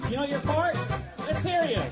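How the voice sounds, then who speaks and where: High-voiced energetic man emceeing a concert. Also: moderate pace. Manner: energetic, playful, leads the crowd. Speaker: singer and emcee. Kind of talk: live stage banter with crowd. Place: club concert stage. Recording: live concert recording, loud band. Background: live band music.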